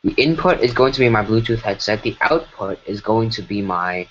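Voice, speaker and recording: A man's voice: lowish voice, expressive, normal speed, a bit bright, a little hiss or hum. A man streaming live as he works, talking casually in a rambling, self-correcting way with lots of fillers, through a broken mic. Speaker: streamer animating. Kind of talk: casual livestream commentary. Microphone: broken computer mic. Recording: dull lo-fi mic.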